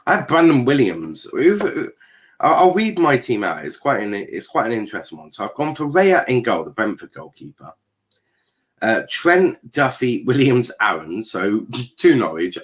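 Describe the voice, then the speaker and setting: Deep-voiced man doing casual match commentary. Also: big pitch swings, normal speed. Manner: casual, joking and sweary, with frequent fillers. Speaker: host. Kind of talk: live football watchalong commentary.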